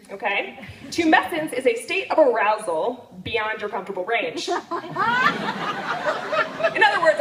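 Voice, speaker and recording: Woman storyteller, high and lively, unhurried, telling a bawdy tale in a roomy venue with an audience laughing along. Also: heavy background noise. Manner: bawdy, animated, laughing through lines. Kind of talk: live comic storytelling. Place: stage at a live storytelling night.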